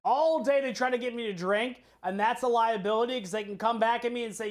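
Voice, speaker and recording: With a medium-pitched voice and a brisk delivery, a streamer cooks live and talks to viewers. The story runs long and rambling, full of swearing and restarts.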